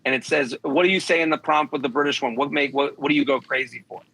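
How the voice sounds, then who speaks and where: A man's voice: fairly high pitch, fast, sharp tone, slightly rough, rough recording. A man, a comedian guest on a podcast, giving blunt, emphatic dating advice and often acting out what people might say. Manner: blunt, emphatic, quotes imagined speakers. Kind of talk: podcast chat.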